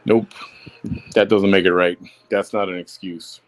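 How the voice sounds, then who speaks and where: A man's voice: low voice, little pitch movement, a little slow. A man from Chicago, hosting a solo audio show, talking bluntly and heatedly, repeating himself for emphasis. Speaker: podcast host.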